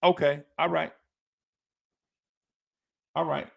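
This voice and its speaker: Slow, gravelly New Jersey man. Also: a little high, level tone. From Jersey City, New Jersey. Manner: laughs often, repeats himself, slangy and playful. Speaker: podcast host reading listener comments. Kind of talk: casual live podcast chat.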